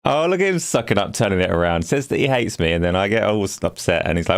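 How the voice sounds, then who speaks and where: A man with a very low, deep voice hosts a live gaming podcast. He talks casually and teases his co-hosts, putting on mock offense at their jokes. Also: lively intonation, fast, hardly any pauses. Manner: teasing, playfully indignant. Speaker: podcast host.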